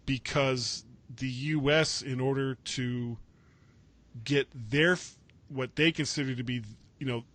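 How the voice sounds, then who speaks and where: A man's voice: medium pitch, steady tone, slow pace, a bit bright, dry recording. A man hosting a casual tech news chat, rambling and correcting himself with wry asides. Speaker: podcast host.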